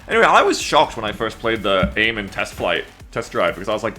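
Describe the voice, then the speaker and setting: A man's voice: on the low side, big pitch swings, fast, bright, forceful tone, soft background music. A man in his thirties from Australia with a blended, lightly Australian Anglosphere accent, chatting casually and rambling on a gaming stream, swearing now and then and reading chat aloud. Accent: mixed Anglosphere, mildly Australian.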